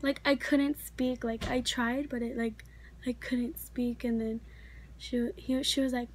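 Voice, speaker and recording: A woman's voice: on the high side, little pitch movement, measured pace, husky. A teenage girl casually telling a story, chatty and full of fillers. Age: teens. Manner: chatty, filler-heavy, many likes. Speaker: vlogger.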